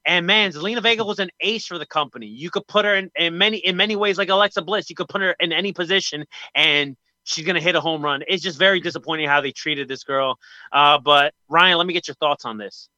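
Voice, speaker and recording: Bright-voiced, animated podcast host man. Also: fairly high pitch, quick pace, no echo, lo-fi sound. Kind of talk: casual wrestling podcast chat.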